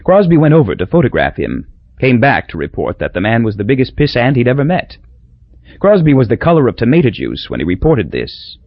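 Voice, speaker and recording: A man narrates a novel in a wry, measured way, his husky voice swinging widely in pitch. The recording is dry and dull, with a lo-fi edge. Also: huge pitch swings, dry recording. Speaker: audiobook narrator. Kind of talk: scripted narration.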